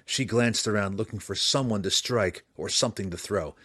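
A man narrating a fantasy audiobook with a dramatic, expressive reading. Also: on the low side, moderate pace, dry recording, clean studio sound.

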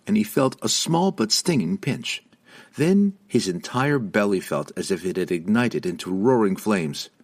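A man narrating a fantasy audiobook with a dramatic, expressive reading. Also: fairly low pitch.

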